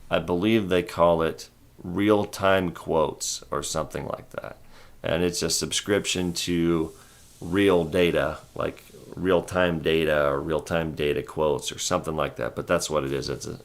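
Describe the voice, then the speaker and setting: A man with a very deep, gravelly voice talks through a trading livestream. His delivery is calm, low-key and rambling, with little lift in his tone. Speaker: host of a stock trading livestream. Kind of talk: casual livestream chat.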